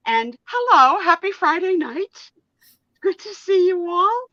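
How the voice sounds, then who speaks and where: Bright playful woman co-hosting a live stream, voice jumping all over, a bit muffled and dry. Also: very high-pitched, sing-song, measured pace, no room sound. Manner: playful, teasing, theatrical. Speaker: regular guest co-host.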